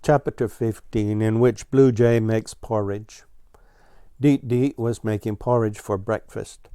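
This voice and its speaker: A man reading a children's story aloud in a slow, even storytelling manner. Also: lowish voice, clean tone, no room sound, studio quality. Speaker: storybook reader.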